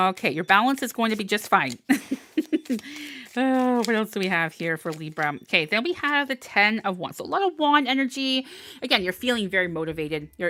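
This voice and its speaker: A woman's voice: lowish voice, sharp tone, no echo. A woman giving a live collective tarot reading, talking in a chatty, upbeat way and laughing often. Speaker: tarot reader.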